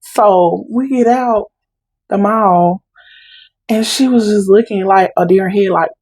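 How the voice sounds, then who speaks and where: On a rough recording without echo, a husky, mid-range female voice goes a little slowly. She's a young adult podcast guest casually and animatedly recounting a family tale, performing the quoted lines in Southern Black vernacular.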